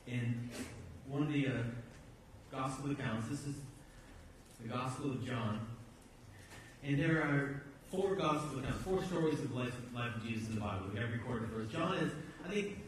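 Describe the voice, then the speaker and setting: A man's voice: mid-range voice, slight background noise. A man preaching a sermon as pastor, in a conversational, emphatic way, often repeating words as he goes. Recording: echoey hall, distant mic.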